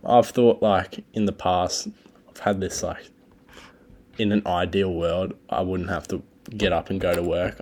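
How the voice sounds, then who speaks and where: A young Australian man with a very low voice rambles through his solo podcast. He swears constantly and talks in a loose, laid-back way. The recording is low-quality and homemade. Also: a little hiss or hum. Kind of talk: casual rambling chat.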